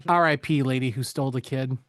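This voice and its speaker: A man co-hosting a podcast, recapping a film in casual chat, profane and jokey, slipping into quick voices for the characters. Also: medium pitch, fairly bright tone, dry recording, clean studio sound. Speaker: podcast co-host.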